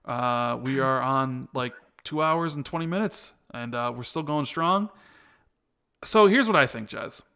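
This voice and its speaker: A man's voice: mid-range voice, unhurried, bright, forceful tone, smooth. A man hosting a casual podcast, easygoing as he reads out and answers viewer comments from the live chat.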